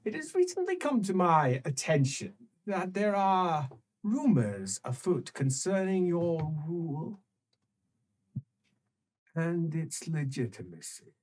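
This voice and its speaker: A courtly old wizard, as a man plays him in a tabletop game, choosing each word with formal care before his lord. His delivery is slow and measured, and his pitch moves expressively. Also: big pitch swings, a little mellow. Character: old male wizard storyteller, courtly and careful.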